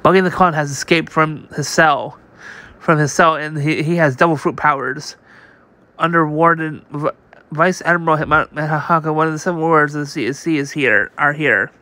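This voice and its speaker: A man reads a comic aloud for his channel in a casual, unpolished style, frequently starting over and saying the sound effects. His slightly high voice moves at a moderate pace and sounds pushed and bright.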